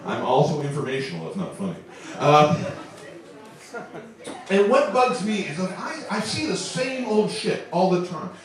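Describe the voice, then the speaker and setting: Animated young man doing stand-up in a roomy club. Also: sits high, a little slow, a crowd in the background. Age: 20s. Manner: animated, chuckles through his own jokes. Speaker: stand-up comedian. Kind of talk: stand-up comedy set. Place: comedy club stage. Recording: echoey club, distant mic, audience.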